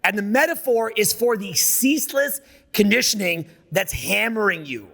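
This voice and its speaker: A man's voice: sits high, gravelly, sharp tone, big-room sound. A man giving a live seminar talk, brash and profane, riffing off the cuff. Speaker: seminar speaker. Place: seminar room with an audience.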